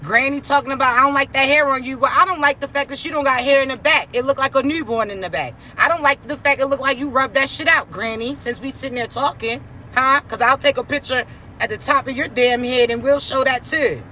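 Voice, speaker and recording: A woman's voice: sits high, fairly quick, pushed and bright, a little hiss or hum. A young woman ranting casually to her viewers, brash, profane and mocking as she talks. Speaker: spiritual vlogger. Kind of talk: casual rant to camera.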